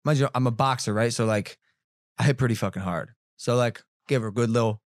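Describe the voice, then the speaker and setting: A man in his twenties chatting casually on a podcast, telling crude stories and jumping loud and high at the punchlines. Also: brisk, no echo, clean studio sound. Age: 20s. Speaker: podcast guest. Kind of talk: casual chat, animated storytelling.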